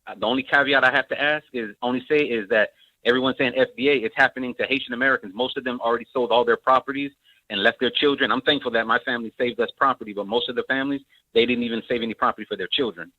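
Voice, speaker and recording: A man talks quickly and eagerly as a guest, agreeing often and stumbling over his words. His voice comes through a muffled, dry, lo-fi line. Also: medium pitch, fairly even intonation, no echo.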